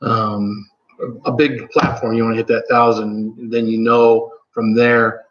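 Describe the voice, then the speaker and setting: Chatting casually on his live stream from home, this channel host from Michigan, USA, rambles a bit slowly, with lots of ums and corrections of himself. His pitch is medium and fairly flat, and the home audio sounds roomy and slightly dull.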